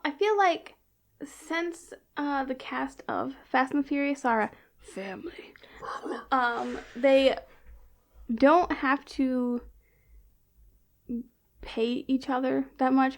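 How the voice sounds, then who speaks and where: A high-voiced woman chatting as a podcast co-host. She is playful and giggly, and she states her opinions bluntly. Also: a little slow. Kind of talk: casual chat.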